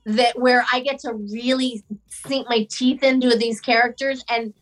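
A woman's voice: on the high side, fairly even intonation, unhurried, a bit bright, low-quality recording. A woman actress chatting as an interview guest, talking in loose, chatty sentences full of fillers and restarts. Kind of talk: casual interview chat.

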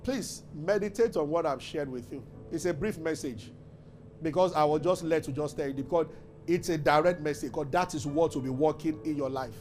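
A man's voice: fairly high pitch, brisk, darkish tone, faint music behind. A man preaching a fervent sermon as pastor, building to emphatic declarations.

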